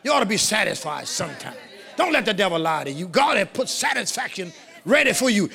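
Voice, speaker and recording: High-pitched shouting preacher man. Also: very animated, moderate pace, vocal fry, husky. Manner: shouting, call-and-response preaching. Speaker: pastor. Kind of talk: sermon. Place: church sanctuary with congregation. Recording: live church recording with crowd. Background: congregation responding.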